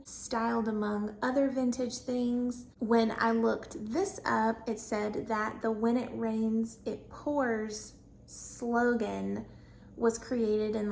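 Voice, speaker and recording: A woman's voice: fairly high pitch, vocal fry, a little mellow, a little hiss or hum. A young woman with a Southern US accent, chatting casually and bubbly in a home decor vlog, laughing often.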